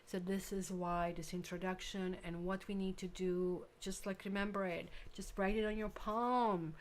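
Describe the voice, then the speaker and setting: A woman's voice: medium pitch, fairly even intonation, normal speed, a little hiss or hum. A woman hosting a live tarot stream, chatting casually with viewers and thinking aloud while she works.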